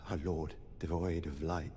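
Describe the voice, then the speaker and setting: An actor voicing a grim, vengeful fallen demigod lord in a video game, with a solemn, archaic, drawn-out delivery. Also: male voice, low voice, flat delivery, dark tone, breathy edge, exaggerated voice. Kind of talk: video game boss dialogue. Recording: game audio under noisy battle ambience.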